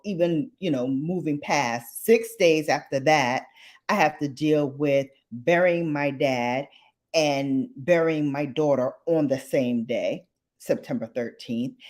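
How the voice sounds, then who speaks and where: Slow, low-voiced woman speaking heartfelt. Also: darkish tone. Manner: emotional, heartfelt, repeats phrases for emphasis. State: close to tears. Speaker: livestream host. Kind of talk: late-night livestream chat with viewers.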